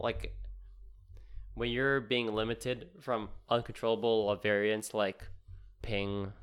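A young man co-hosting a casual podcast, rambling and halting with many restarts. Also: on the low side, fairly bright tone, smooth. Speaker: podcast co-host.

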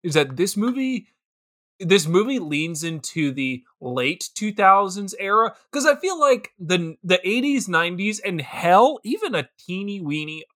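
A man's voice: high-pitched, very animated, measured pace, a bit bright. A young man co-hosting a casual comedy podcast about a movie, laughing often and putting on exaggerated voices when he quotes people. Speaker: podcast co-host.

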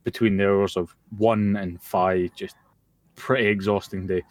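Tired, sweary Scottish man, low voice. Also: fairly even intonation, a little slow, a little mellow, no room sound. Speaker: podcast co-host. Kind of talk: casual chat. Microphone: computer mic over a voice call.

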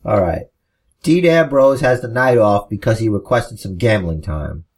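A man co-hosting a podcast, casually reading out wrestling storylines with relaxed asides. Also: fairly low pitch, normal speed, slightly rough. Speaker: podcast co-host.

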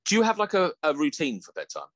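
A man's voice: on the high side, wildly swooping pitch, fast talker, fairly bright tone, dry recording. A man co-hosting a casual podcast chat, laughing often, swearing freely and slipping into mock voices. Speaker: podcast co-host.

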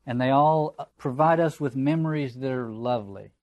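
A man's voice: medium pitch, normal speed, darkish tone, no room sound. Reflective male lecturer, dry sound. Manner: reflective, digressive, conversational asides. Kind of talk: literature lecture with read-aloud passages.

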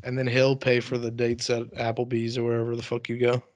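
A man in casual chat, teasing in a deadpan way and swearing. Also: mid-range voice, fairly quick, no echo.

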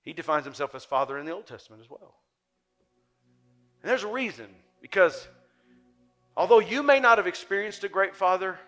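Impassioned older man preaching, bright voice. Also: a little high. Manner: impassioned, swings from soft to loud. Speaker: pastor. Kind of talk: sermon.

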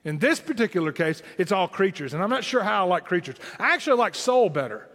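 A man's voice: high voice, very animated, fast talker, a bit bright, big-room sound. A man with a Southern Tennessee accent preaching a sermon as pastor, with emphatic rising lines.

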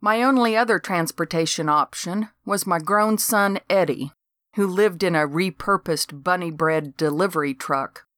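An older woman narrating a comic novel in first person, with a dry, deadpan delivery. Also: on the low side, normal speed, no echo. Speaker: audiobook narrator.

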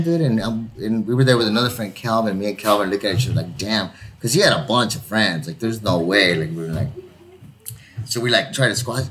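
A man spins a loose bar story in casual chat, his low voice swooping up and down as he acts out each character. He swears freely and keeps the telling loose and animated. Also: fairly quick, slight background noise. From Southern California.

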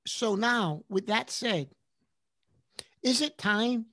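A man co-hosting a sports talk show who thinks out loud, turning his points into questions and hesitating as he goes. His voice sits fairly high. The recording is dry and close. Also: takes it slowly, dry recording. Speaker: sports radio co-host.

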